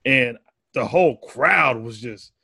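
A man's voice: medium pitch, slow, vocal fry, husky, no echo. A man, a stand-up comedian, telling stories animatedly with a lot of swearing on a casual podcast. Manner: animated storytelling, heavy swearing, laughs often. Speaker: comedian guest.

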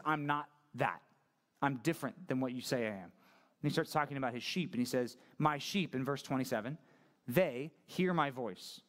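A male pastor with a slightly raised voice, preaching in a loose, conversational way. He keeps putting questions to the congregation and plays out the lines he quotes with lively energy. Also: a little high. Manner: animated, acts out quoted voices. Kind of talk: sermon.

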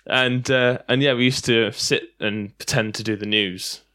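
A man's voice: mid-range voice, steady tone, normal speed, bright, forceful tone. Chatty male podcast co-host. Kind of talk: casual podcast chat.

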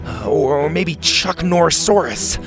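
A man voicing an excitable young girl in a storybook, shrill and breathless. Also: moderate pace, music in the background, close to an everyday voice. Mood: excited. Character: excitable young girl, hatching dinosaur eggs.

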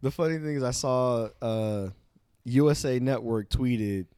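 A man co-hosting a casual wrestling podcast, jokey and animated, often stammering and restarting his sentences. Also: mid-range voice, a little slow, clear, resonant tone, no echo, clean studio sound. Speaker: podcast co-host.

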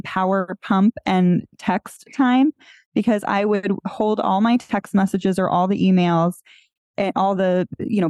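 Mellow-voiced woman sharing openly. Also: medium pitch, no room sound. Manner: open, personal and reassuring. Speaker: podcast host. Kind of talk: casual conversation.

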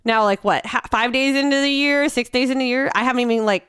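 A young woman co-hosting a casual podcast, chatty and quick to laugh. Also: high-pitched, a bit bright, clean tone, no echo, studio quality. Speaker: podcast co-host. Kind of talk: casual chat.

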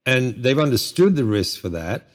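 A man's voice: medium pitch, sing-song, moderate pace. A middle-aged man speaking as a guest in a conversational interview, thoughtful and rambling, full of asides. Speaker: guest, herbal medicine teacher.

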